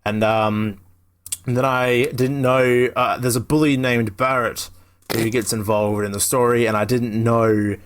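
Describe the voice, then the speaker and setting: Brief: casual male podcast host, mid-pitched, rambling and laughing. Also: fairly even intonation, measured pace, a little hiss or hum. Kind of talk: casual chat.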